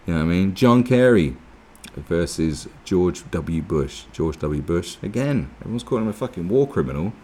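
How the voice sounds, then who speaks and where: Sweary sarcastic man, deep voice. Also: animated, normal speed, a little mellow, a little hiss or hum. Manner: sweary, sarcastic, mocking asides with put-on voices. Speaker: political commentary vlogger. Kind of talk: casual ranting commentary, reading and reacting to an article.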